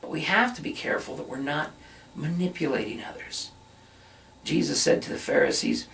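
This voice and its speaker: A man's voice: fairly high pitch, big pitch swings, moderate pace, creaky, fairly bright tone, distant mic. A middle-aged man, a minister, telling a personal story in earnest, conversational sermon style.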